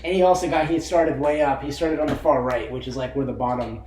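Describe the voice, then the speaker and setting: A man's voice: medium pitch, fairly even intonation, a little fast, darkish tone, roomy sound, slight background noise, low-quality recording. A young man co-hosting a casual movie chat, rambling with lots of fillers and frequent laughter. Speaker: co-host of a movie discussion channel.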